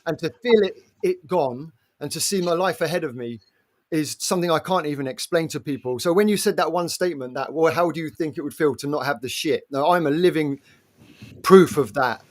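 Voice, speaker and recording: A man, chatting on a video call. He gets excited and stumbles through restarts, swearing casually as he goes. His voice sits slightly high for a man. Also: fairly quick. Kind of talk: casual chat.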